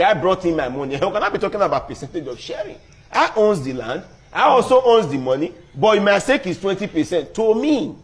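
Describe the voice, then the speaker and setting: A man earnestly arguing a point in plain, layman's terms. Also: high-pitched. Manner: earnest, self-deprecating, argumentative. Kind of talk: opinion talk.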